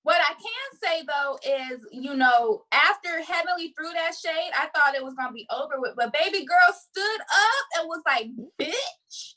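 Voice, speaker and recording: Very high, bright, sassy woman. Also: animated, normal speed, hardly any pauses, poor audio. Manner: sassy, emphatic. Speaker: reality TV recap panelist. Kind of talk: casual chat.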